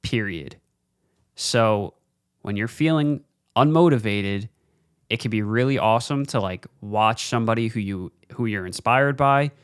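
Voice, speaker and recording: A man hosting a podcast and giving a casual, blunt motivational talk straight to camera, swearing freely and slowing down to press his points. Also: lowish voice, clean tone, no room sound, studio quality. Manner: slows down for emphasis. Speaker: podcast host. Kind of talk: motivational monologue. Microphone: studio mic, facing camera.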